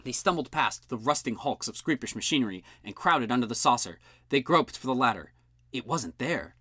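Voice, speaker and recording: A man narrates a fan-made science fiction audiobook, his pitch rising and falling widely as he reads. He reads expressively, leaning into the story's action. The recording is dry, with no room echo. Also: fairly quick, slightly rough. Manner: expressive, voices the characters with shouts and big pitch jumps. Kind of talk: fan-made audiobook reading with character voices.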